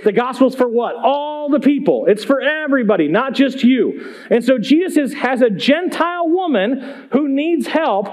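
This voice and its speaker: A high-voiced male pastor preaches in a loose, conversational way. He stays animated and keeps drawing the congregation in with questions. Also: moderate pace. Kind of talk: sermon.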